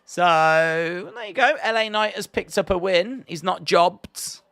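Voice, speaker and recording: A man, reacting live to a wrestling show and swinging from quiet mutters to excited shouts. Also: high voice, slow, gravelly, no room sound. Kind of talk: live watch-along commentary.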